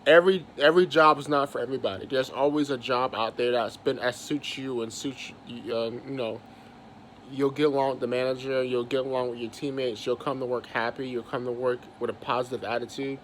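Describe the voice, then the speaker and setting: A young man rants about his job, cursing and tripping over his own words. His pitch sits in the middle for a man. A faint hum runs behind his voice. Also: fairly even intonation, brisk. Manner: heated, profane, repeats himself. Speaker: vlogger venting about work. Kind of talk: angry casual rant.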